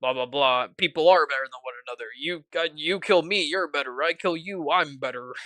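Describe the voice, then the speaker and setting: A man loudly voicing a cocky male mercenary commander with a dismissive, boastful delivery. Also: on the high side, a little fast, dry recording. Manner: loud, dismissive mock quote.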